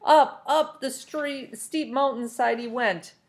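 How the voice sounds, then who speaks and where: A woman reading a novel aloud to listeners, expressive, with small self-corrections along the way. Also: high voice, slow.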